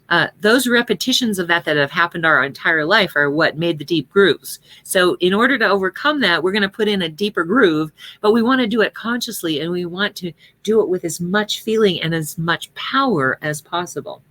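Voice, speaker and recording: A woman with a slightly low voice leads a prosperity class. She speaks in a relaxed, chatty way, earnest and full of "uh"s as she explains. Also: normal speed, hardly any pauses, dry recording. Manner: chatty and earnest, with many fillers and occasional laughs. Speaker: spiritual prosperity teacher. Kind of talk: casual teaching talk.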